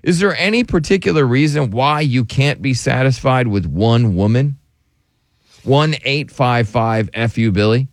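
A man's voice: medium pitch, measured pace, no echo, clean studio sound. A man hosting a radio show, chatting casually with a co-host and laughing often. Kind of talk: casual morning show banter.

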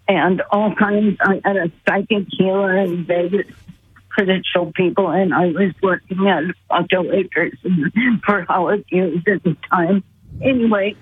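A woman's voice: mid-range voice, husky. A woman caller earnestly and vividly recounting a personal story. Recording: tinny phone line with faint hiss.

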